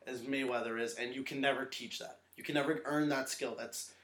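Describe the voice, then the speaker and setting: A man co-hosting a podcast in casual chat, talking quickly and excitedly with many restarts. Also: mid-range voice. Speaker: podcast co-host. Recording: echoey room.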